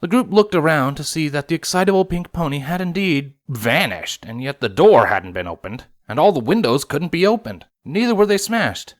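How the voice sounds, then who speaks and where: A man narrating a fan story aloud in a steady, expressive reading. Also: a little high, normal speed, hardly any pauses. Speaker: reader, narrator. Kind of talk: fanfiction audiobook reading.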